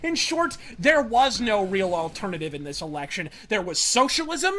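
A man's voice: sits high, sing-song, moderate pace, pushed and bright, slight background noise. Theatrical man ranting in ornate insults. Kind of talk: played video clip of scripted political commentary.

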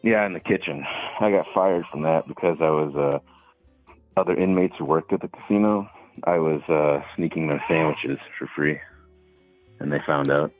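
Homem de voz muito grave ao telefone. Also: male voice, extremely low pitch, normal speed, faint music behind. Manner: laid-back storytelling with filler words. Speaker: caller. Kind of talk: casual phone call. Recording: tinny phone line.

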